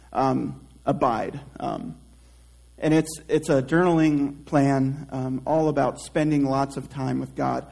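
A male pastor preaching a sermon, reflective and conversational, trailing off softly at the ends of phrases and restarting himself in casual asides. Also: fairly high pitch, creaky, low-quality recording. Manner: slow, reflective preaching with drawn-out soft phrase endings.

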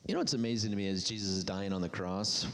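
A man reading scripture aloud and preaching a sermon, his voice climbing high and loud at emphatic peaks. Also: quick pace. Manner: emphatic, rising to near-shouted peaks when stirred.

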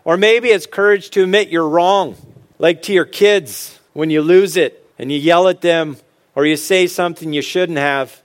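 A middle-aged man giving a humorous motivational talk about fatherhood, joking and telling stories with earnest asides. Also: high voice. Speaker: speaker on fatherhood.

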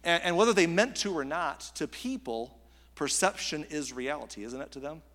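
A pastor preaching a sermon in a conversational, emphatic way, using rhetorical questions. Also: male voice, fairly high pitch, normal speed, fairly bright tone. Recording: long hall reverb.

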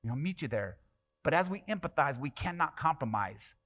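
A man's voice: a little high, animated, normal speed, lo-fi sound. Impassioned male pastor preaching. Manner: impassioned, emphatic preaching with rhetorical questions. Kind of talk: sermon.

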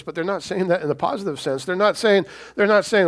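A male pastor delivers his sermon conversationally, regularly checking in with listeners by asking "right?". His voice sits high and his pace is brisk.

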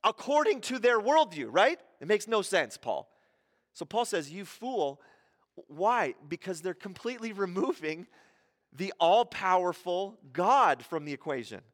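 A man's voice: high-pitched, very animated, a little slow, big-room sound. A man preaching a sermon in a church in a conversational, playful way, full of rhetorical questions. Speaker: pastor. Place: church hall.

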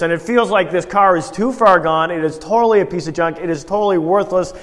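A man with a fairly high voice preaches in a casual, story-driven way, often turning to his listeners with a question. His voice carries a long reverb tail from a church hall. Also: a little fast, hardly any pauses, a bit bright. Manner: conversational storytelling with rhetorical questions to the congregation. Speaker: pastor. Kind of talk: sermon.

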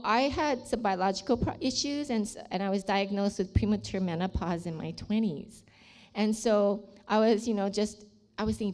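A woman's voice: mid-range voice, a little mellow. An older woman sharing a personal faith testimony in an earnest, heartfelt storytelling manner.

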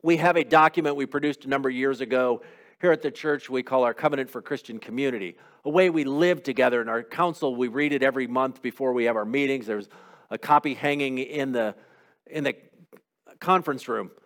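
Fairly quick and medium-pitched, this middle-aged man is a pastor delivering a sermon in a chatty style. Rhetorical questions and little acted-out quotations run through his preaching.

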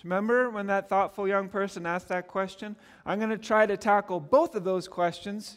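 A middle-aged male pastor from Canada delivering a sermon, earnest and conversational with touches of gentle humor. His voice sits notably high for a man. The sound carries a long reverb, as in a church hall. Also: steady tone, moderate pace, hardly any pauses. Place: church sanctuary.

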